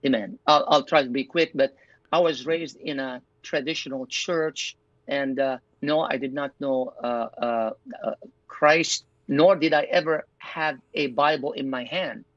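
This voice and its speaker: At medium pitch and a measured pace, with a slightly bright sound and no room tone, an older Lebanese pastor and doctor tells his life testimony as a guest. He speaks earnestly, acting out what he thought, on a dull, dry lo-fi recording.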